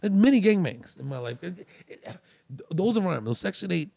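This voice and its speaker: A man's voice: high-pitched, very animated, fairly quick, creaky, mellow, no room sound. A male comedian guest on a podcast telling a story in a loose, rambling way with many restarts. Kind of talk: casual storytelling.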